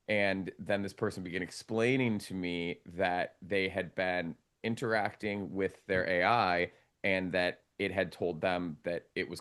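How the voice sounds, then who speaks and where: A man with a very low voice talks about his documentary work in a relaxed, rambling way. He starts over now and then, like someone thinking aloud in a casual interview. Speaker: documentary filmmaker, interview guest.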